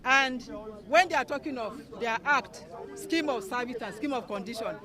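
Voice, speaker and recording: A woman with a Nigerian accent, a government education director, calmly explaining official steps to protesting students outdoors. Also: a little high. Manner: measured, bureaucratic explanations. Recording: outdoor crowd noise.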